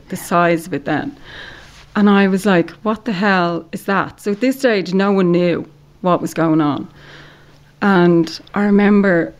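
An Irish woman from Ireland, a podcast guest telling a story in casual chat, animated and full of "like". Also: medium pitch. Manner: animated storyteller, heavy use of "like".

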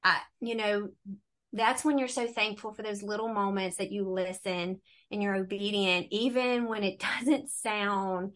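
A middle-aged woman telling her faith testimony in a relaxed conversation, animated and acting out the voices she quotes. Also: medium pitch, a little slow. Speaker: guest.

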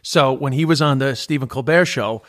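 A man's voice: medium pitch, normal speed. An Irish man in his forties, talking in casual chat, rambling and emphatic with many fillers and the odd swear. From Ireland.

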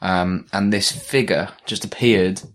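A young man with a low, grounded voice spins a story in a loose, conversational way. He wanders through fillers and restarts as he goes, and the tone stays relaxed and unscripted. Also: unhurried. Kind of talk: casual chat.

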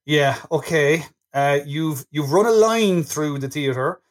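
Man, higher voice, rambling, good-humoured, podcast host. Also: a little slow. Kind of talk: casual film review chat.

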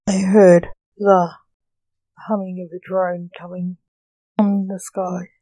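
A woman reading her short story aloud, slow and deliberate. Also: fairly low pitch, flat delivery, dark tone, no room sound.

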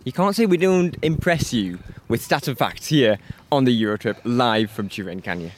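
A man's voice: medium pitch, lively intonation, moderate pace, a little hiss or hum. Chatty male podcast host outdoors. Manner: chatty, teasing. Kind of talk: casual chat. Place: outdoors by a river.

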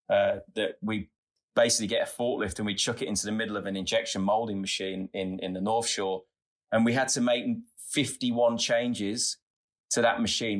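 A middle-aged Australian man telling earnest, chatty stories as a guest in a casual interview. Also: lowish voice. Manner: earnest, chatty, tumbling anecdotes. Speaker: podcast guest, founder.

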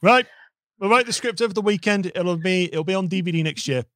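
A man hosting a casual streamed chat, animated and joking, often restarting his sentences. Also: sits high, fairly quick, dry recording, studio quality. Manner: animated, hops into silly voices, many restarts. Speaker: host.

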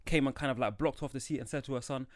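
A young man, co-hosting a podcast and telling animated stories in casual chat. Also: mid-range voice, very fast, no echo, studio quality. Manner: animated storyteller, acts out quoted voices. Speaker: podcast co-host.

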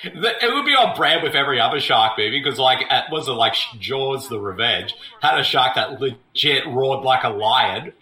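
Man, comedy movie commentary, rambling, lively bright voice, echoey room. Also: mid-range voice, moderate pace. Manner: rambling, joking, lots of fillers.

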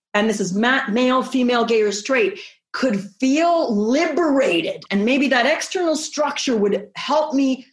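Frank, expressive woman in an echoey room. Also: fairly high pitch. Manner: frank, expressive, emphatic with vivid asides. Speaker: sex therapist guest. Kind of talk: candid conversational interview talk.

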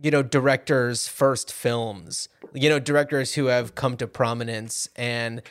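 A man's voice: mid-range voice, steady tone, a little slow, no room sound, studio quality. A man co-hosting a casual movie-chat podcast in an easygoing way, often filling gaps with "you know.". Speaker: podcast co-host.

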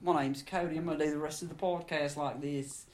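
A man's voice: a little high, steady tone, brisk, natural voice. A man putting on an exaggerated British accent in a mock-polite, hammy way. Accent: put-on British.

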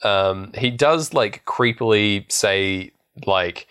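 A man's voice: on the low side, slow, a bit bright, smooth. A man co-hosting a podcast, recapping a film in a rambling, storytelling way and laughing often. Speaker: podcast co-host. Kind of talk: casual film recap chat.

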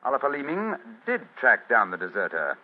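A brilliant, composed detective explains himself with precise, lecturing speech. His husky voice swings widely in pitch. The sound is muffled, like an old 1940s radio broadcast. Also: wildly swooping pitch, brisk. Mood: explaining. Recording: dull lo-fi 1940s radio recording.

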